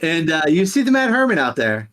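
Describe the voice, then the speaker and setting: A man's voice: a little high, very animated, a little fast, fairly bright tone. A man running a tabletop game as game master, narrating loosely and improvising the scene.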